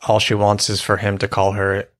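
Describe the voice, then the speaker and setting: A man co-hosting a podcast in relaxed, casual chat, thoughtful and amused. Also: fairly low pitch, moderate pace. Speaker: podcast co-host.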